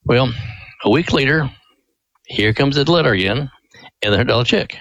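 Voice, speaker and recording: A man telling a family story as a radio interview guest, lively and acting out voices. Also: medium pitch, moderate pace, creaky, no room sound. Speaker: ministry president, guest.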